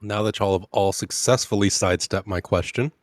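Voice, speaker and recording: Low voice guy game master, playfully formal, dry close sound. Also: steady tone, a little fast, no echo. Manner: playfully formal, laughs often. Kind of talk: hosting a live stream Q&A.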